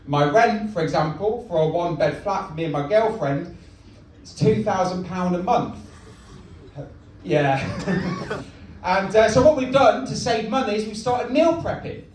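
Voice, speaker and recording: Young stand-up man, deadpan, echoey club. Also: high voice, normal speed, recorded from a distance. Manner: deadpan, self-mocking. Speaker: stand-up comedian. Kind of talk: stand-up comedy set. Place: comedy club.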